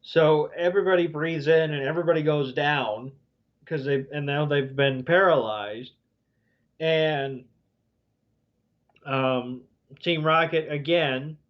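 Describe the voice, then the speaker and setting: Rambling man with a fairly high voice. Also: muffled recording. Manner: rambling, many fillers like um and you know. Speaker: podcast co-host. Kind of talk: casual recap chat.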